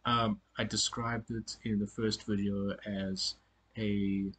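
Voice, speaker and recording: Husky low-voiced man teaching pronunciation. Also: little pitch movement, a bit bright. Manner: self-correcting, halting with repeated words. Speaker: language teacher. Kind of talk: casual spoken lesson on pronunciation.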